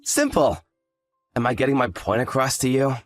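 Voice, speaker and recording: A man's voice: mid-range voice, moderate pace, no room sound, soft background music, close to an everyday voice. A man voicing an arrogant, hungover young fiancé who talks in a lazy, condescending, sarcastic way. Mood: smug. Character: arrogant hungover male fiancé, dismissive and smug. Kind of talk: scripted story drama.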